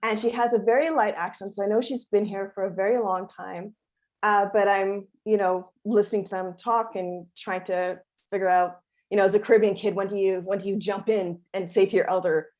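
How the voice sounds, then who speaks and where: A female author moderating a panel, opening with an expressive, heartfelt personal story. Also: medium pitch, moderate pace.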